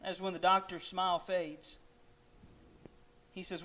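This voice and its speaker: Man, preacher, dramatic sermon story, high voice. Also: little pitch movement, a little slow, pushed and bright. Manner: dramatic, second-person storytelling.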